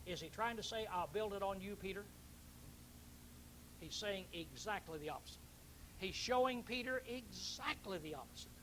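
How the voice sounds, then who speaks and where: A man's voice: high-pitched, lively intonation, normal speed, long pauses, a bit bright, a little hiss or hum, low-quality recording. A man preaching a Bible teaching sermon, emphatic, repeating key words and questioning his listeners.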